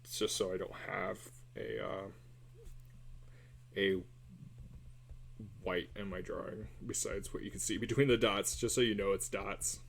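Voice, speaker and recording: A man's voice: sits low, level tone, a little slow, vocal fry, pauses often, slight background noise. A man chatting casually and rambling while drawing on a livestream, with a somewhat nasal voice, recorded on a cell phone. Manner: rambling, self-deprecating, hums and sings snatches while drawing. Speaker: artist streaming a drawing session.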